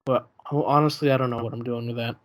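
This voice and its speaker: Relaxed young man chatting on a podcast. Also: medium pitch, fast. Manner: relaxed, rambling, trailing off. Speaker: podcast co-host. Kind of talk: casual chat.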